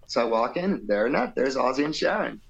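A man's voice: mid-range voice, big pitch swings, fast talker, creaky, crowd noise, rough recording. A middle-aged man, a guest musician, telling a loose anecdotal story in an interview and acting out the quotes.

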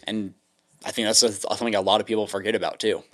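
A man with a somewhat low voice talks casually as a podcast co-host. He halts and restarts often, leans on "like", and swears offhandedly. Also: steady tone, fast talker. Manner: hesitant, swears, lots of "like". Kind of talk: casual chat.

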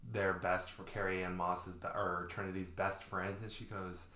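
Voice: low-pitched, flat delivery, measured pace, sharp tone. A playful podcast co-host in a casual chat, joking around and swearing freely. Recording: roomy echo.

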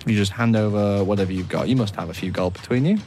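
A man's voice: on the low side, quick pace, darkish tone, slight background noise, close to an everyday voice. Man doing a menacing deserter soldier. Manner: threatening, falsely polite. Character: tattered deserter soldier leader, male, menacing, muscular.

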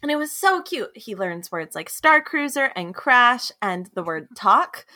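Lebhafte Frau mit heller Stimme. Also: female voice, on the high side, a little slow, no room sound, clean studio sound. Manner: animated, laughs often, acts out lines. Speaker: podcast co-host. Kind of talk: casual chat recapping a movie.

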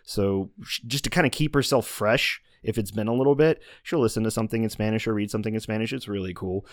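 A man's voice: on the low side, fast talker, dry recording, studio quality. A man co-hosting a movie podcast, talking in a casual, rambling way with many restarts and asides. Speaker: podcast co-host reviewing movies. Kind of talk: casual chat.

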